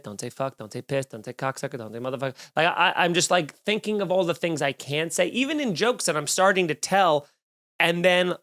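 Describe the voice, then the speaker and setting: A man hosts his solo comedy podcast, telling a rambling story. His voice sits a little high for a man, and he swears freely and mocks himself as he goes. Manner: profane, animated, self-deprecating storytelling.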